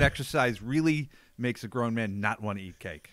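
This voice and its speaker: Blunt, low-voiced older man telling stories. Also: animated, normal speed, few pauses, a bit bright, dry recording. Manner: storytelling, emphatic and blunt. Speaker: podcast co-host, jiu-jitsu coach. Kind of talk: casual chat.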